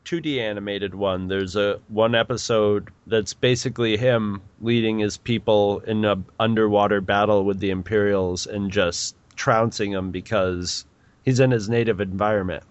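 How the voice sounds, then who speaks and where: A man's voice: on the low side, steady tone, normal speed, clean tone, no room sound, lo-fi sound. A man in his forties co-hosting a podcast, chatting casually and rambling with restarts. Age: 40s. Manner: rambling, with many restarts and laughs. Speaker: podcast co-host. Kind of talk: casual chat.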